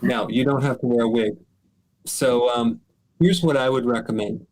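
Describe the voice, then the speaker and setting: A middle-aged man hosting a live show, answering callers' health questions in a relaxed, explanatory way with many fillers. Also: mid-range voice, normal speed, noisy background. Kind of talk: casual live Q&A advice.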